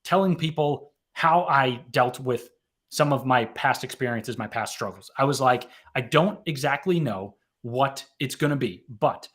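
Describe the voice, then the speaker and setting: An author and mental health advocate in his thirties recounts his story in a casual interview, rambling and self-correcting with frequent "right?" tags. His mid-range voice is expressive, unhurried, and slightly bright.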